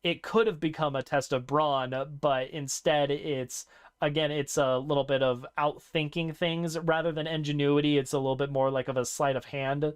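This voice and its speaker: Animated male podcast storyteller. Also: fairly high pitch, moderate pace, smooth. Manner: animated storyteller who acts out characters. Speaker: podcast host. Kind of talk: casual chat.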